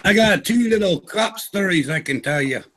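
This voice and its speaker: A man's voice: high-pitched, animated, normal speed, a bit bright, low-quality recording. A man telling a short folksy anecdote in a casual group chat. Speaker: chat participant. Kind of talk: casual storytelling.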